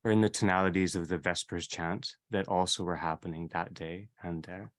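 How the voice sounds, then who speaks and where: Male seminar leader, slightly low pitch, measured reflective delivery, circles back on his own phrases. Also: steady tone. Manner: repeats and rephrases, unhurried. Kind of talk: reflective theology lecture.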